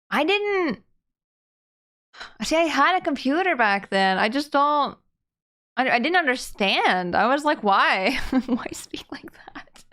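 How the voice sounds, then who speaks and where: A woman streaming a game live, chatting and reading its dialogue aloud with giggles and loud excited outbursts. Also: high-pitched.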